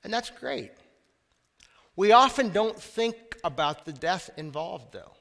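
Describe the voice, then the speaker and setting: A man's voice: sits high, animated, measured pace, gravelly, a bit bright. A man preaching a sermon in a conversational way, with asides to the congregation. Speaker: pastor. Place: church sanctuary. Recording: long church reverb.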